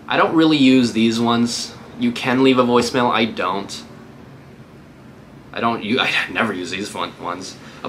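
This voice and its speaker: Bright-voiced man teaching cold calling. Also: fairly low pitch, slight background noise. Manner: casual, upbeat and conversational. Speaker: real estate agent. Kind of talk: cold-call tutorial with live calls.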